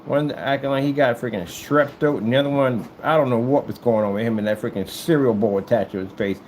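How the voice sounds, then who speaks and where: A man rambling casually to the camera as he works, animated and joking, often jumping into a high falsetto. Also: a little fast, a little hiss or hum, rough recording. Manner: animated, jumps into high falsetto sing-song and joking voices. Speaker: vlogger. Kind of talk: casual rambling monologue while working.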